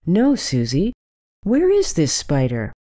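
A woman voicing a patient, gentle mother in a storybook reading, calm and reasoning. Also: on the low side, slow, pitched above the performer's own voice, heavily acted.

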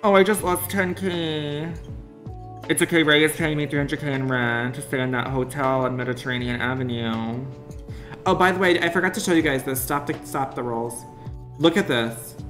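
Streaming a mobile game, a man with a slightly high voice delivers playful, over-the-top excited commentary styled like a mock sponsored ad.

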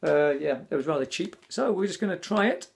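A man's voice: fairly high pitch, lively intonation, a little fast, creaky, slightly rough. A middle-aged man, chatting cheerfully and jokily to viewers in a casual vlog, recorded on a camera microphone. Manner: chatty, cheerful, jokey, addresses viewers as mates. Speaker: vlogger.

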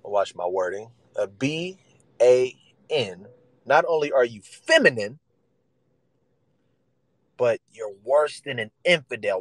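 A man's voice: on the high side, very animated, unhurried, no room sound, poor audio. A man preaching a sermon in casual vernacular, emphatic and repetitive, acting out the voices he quotes.

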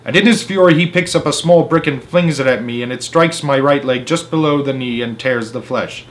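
A man reading a children's story aloud in first person, with dramatic swings between loud and soft. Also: medium pitch, moderate pace.

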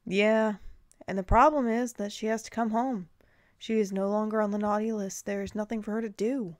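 A woman's voice: mid-range voice, fairly even intonation, normal speed, a little mellow, dry recording, clean studio sound, natural voice. A woman reading as an earnest, worried Santa. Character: Santa, a worried loving father and uncle.

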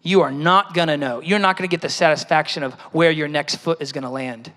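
High, bright-voiced man preaching in a hall. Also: a little fast. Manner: storytelling, conversational, acts out quoted voices. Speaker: speaker at a church service. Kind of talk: personal testimony sermon. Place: large church hall.

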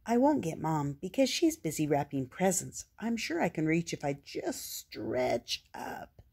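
A woman voicing an excitable young male puppy in a storybook, with an eager, bouncy, raised voice. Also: low voice, unhurried, vocal fry, breathy edge, full character voice.

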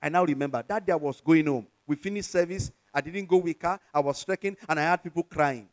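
A man's voice: on the high side, quick pace. A Nigerian pastor, a man, preaching a sermon with call-and-response to his congregation and slipping from English into Yoruba.

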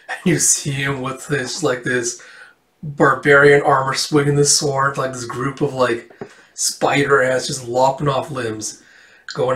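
A man casually rambles through a comic book, quickly voicing the characters' lines and laughing now and then. His medium-pitched voice is level, slow, and fairly bright. The room is echoey and he's a bit off-mic.

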